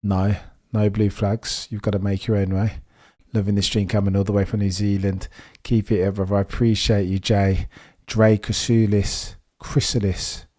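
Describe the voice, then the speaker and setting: A young man with a Birmingham accent, hosting a live race watchalong stream in a chatty, excitable way, answering viewers as he goes. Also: on the low side, moderate pace, few pauses. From England. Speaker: livestream host. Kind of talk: casual live race commentary.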